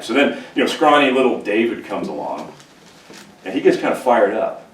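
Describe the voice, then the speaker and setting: A man from California, a pastor, preaching a humorous, conversational sermon with animated storytelling. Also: fairly low pitch, moderate pace. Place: church sanctuary. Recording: echoey church room, distant mic, faint hiss.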